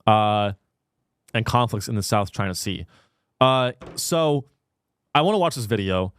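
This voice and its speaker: A man's voice: lowish voice, animated, a little slow, smooth. A man hosting a comedy podcast, talking in casual, irreverent banter with a sarcastic, crude edge. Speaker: podcast host.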